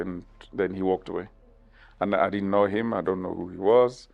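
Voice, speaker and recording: A man in his fifties from South Africa, giving measured, thoughtful interview answers with many pauses. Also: fairly low pitch, creaky, a little mellow. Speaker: interview guest.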